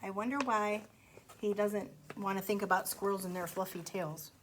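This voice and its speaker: A woman's voice: medium pitch, fairly even intonation, moderate pace, low-quality recording. A woman reading a picture book aloud to children in a sing-song way, stopping to ask them questions. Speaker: storytime reader.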